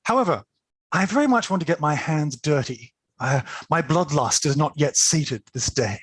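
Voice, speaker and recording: A man voicing an excitable, bloodthirsty male duelist in a tabletop game, grandiose and formal. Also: fairly high pitch, moderate pace, breathy edge, dry recording. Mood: boastful.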